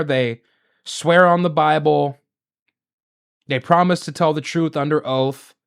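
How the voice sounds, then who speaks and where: Male commentator, outraged, emphatic, slightly high voice with big swings in pitch. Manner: indignant, emphatic, repetitive rhetorical questions. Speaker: political commentary host. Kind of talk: solo political commentary.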